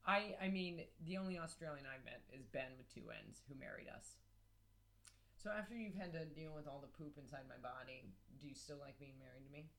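A woman's voice: low-pitched, a little fast, vocal fry, a bit bright. Candid rambling woman podcaster. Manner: candid, rambling, self-deprecating. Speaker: podcast co-host. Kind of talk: casual comedic chat.

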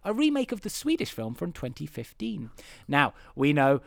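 Male podcast host, slightly high, resonant voice, dry room, wry and giggly. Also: huge pitch swings, normal speed, vocal fry, no echo. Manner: wry, laughs often, rambling asides. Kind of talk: casual film podcast chat.

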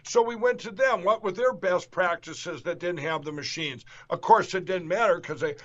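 A man's voice: high voice, normal speed, a bit bright. A man hosting a political interview show, talking emphatically and repeating himself to rally his listeners. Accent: Upper Midwest American. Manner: emphatic, repetitive, rallying the audience. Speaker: show host. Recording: dull lo-fi audio.

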